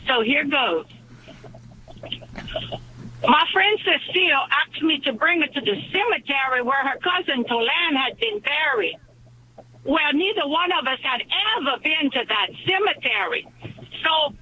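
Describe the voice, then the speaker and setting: A man with a thick Cajun accent, calling in to tell a joke as a slow, drawling storyteller. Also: very high voice, sharp tone. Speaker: caller. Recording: phone line with faint hiss.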